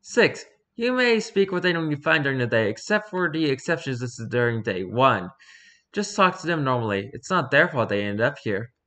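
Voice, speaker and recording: A man reading a rules-style horror story aloud for his channel, lively, with occasional stumbles and restarts. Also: medium pitch, moderate pace. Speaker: YouTuber reading horror stories.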